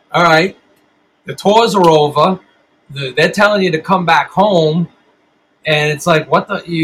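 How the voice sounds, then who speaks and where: A man's voice: fairly high pitch, fairly bright tone, slightly rough, rough recording. A middle-aged man and band musician, telling stories in a casual interview with lots of swearing and rambling restarts.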